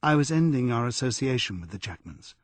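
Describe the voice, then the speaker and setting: A man's voice: mid-range voice, sing-song, fairly quick, no room sound, lightly acted. A man voicing a female witness in an audiobook, giving clipped, evasive replies. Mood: guarded. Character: female witness under questioning, guarded and defiant.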